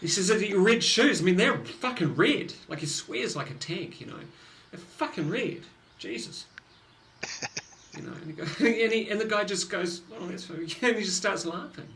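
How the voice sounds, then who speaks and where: A man co-hosting a casual conversation, telling stories in an animated way with many restarts. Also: high-pitched, moderate pace. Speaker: podcast co-host. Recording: echoey room with faint noise.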